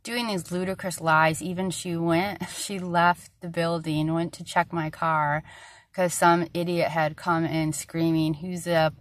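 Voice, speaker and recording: A woman's voice: lowish voice, little pitch movement, a little slow, no echo, clean studio sound. A woman venting in a personal vlog, rambling and frustrated, with many fillers and a tired voice. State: tired, struggling to find words. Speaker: vlogger.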